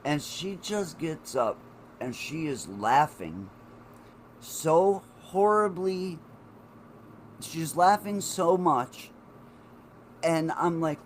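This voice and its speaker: A man's voice: on the high side, animated, very slow, long pauses, slight background noise. A man telling a funny personal story to the camera in a casual, profane, self-mocking way. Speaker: vlogger.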